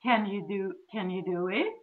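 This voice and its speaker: At medium pitch and moderate pace, a woman with a Swedish accent coaches on relationships, walking through steps in an instructional conversation. She acts out dialogue in sweet cooing voices, captured with dull lo-fi sound.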